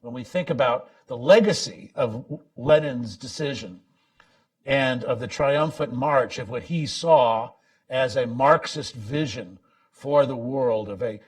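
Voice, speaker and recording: Halting man lecturing far off-mic. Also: medium pitch. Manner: halting, many restarts, emphatic swings in loudness. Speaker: author giving a book talk. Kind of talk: public lecture. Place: lecture event.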